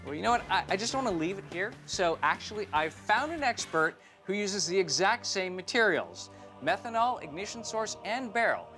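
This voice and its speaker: Animated host introducing an expert. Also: medium pitch, normal speed. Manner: enthusiastic, explanatory. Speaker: show host. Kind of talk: casual presenting. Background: music.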